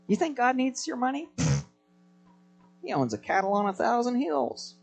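A man's voice: extremely high pitch, wildly swooping pitch, moderate pace, gravelly, soft background music. A man preaching a live sermon to a congregation, telling stories with energy and prompting the crowd to respond. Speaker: pastor.

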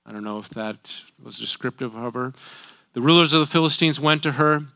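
A man's voice: a little high, bright, forceful tone, smooth. A middle-aged man reading a Bible passage aloud and breaking in with casual, folksy comments as a teacher. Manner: reads scripture then breaks in with folksy asides.

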